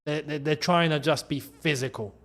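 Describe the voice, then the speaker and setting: A man hosting a live football watchalong, reacting to play and chatting to viewers, shouting at big moments. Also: on the high side, normal speed. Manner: excitable, shouts at goals, chats to viewers. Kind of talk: live match watchalong commentary.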